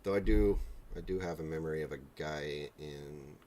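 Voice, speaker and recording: A man's voice: rumbling low, normal speed, dark tone, a little hiss or hum. A man in his forties hosting a live stream, chatting casually and joking while painting miniatures in his home hobby room. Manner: rambling, joking, self-deprecating asides. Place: home hobby room with a printer and air purifier.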